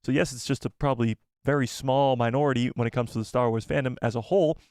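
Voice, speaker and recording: A man hosting a live fan show, chatting casually, reading donation messages and reacting with animated repeats. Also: medium pitch, quick pace, no echo, studio quality. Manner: animated, exclaiming, repeats himself.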